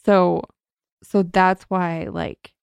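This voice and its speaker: A woman with a low, gravelly voice talks through a book in casual, sarcastic chat. She keeps slipping into quick impressions of the characters. The sound is dry and close. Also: little pitch movement, dry recording. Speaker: book discussion co-host.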